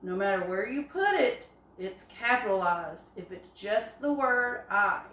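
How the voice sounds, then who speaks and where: A woman teaching an early-grade phonics lesson, speaking slowly and encouragingly. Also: medium pitch, lively intonation, a bit bright. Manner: slow, encouraging, with drawn-out examples. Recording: echoey room.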